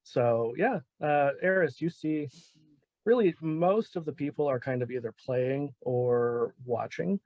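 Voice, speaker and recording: A man running a tabletop role-playing session in a casual, laid-back way, often pausing on fillers. His voice is mid-pitched and sounds dry, close and direct. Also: no room sound, lo-fi sound. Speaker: game master. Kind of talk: narrating a tabletop game.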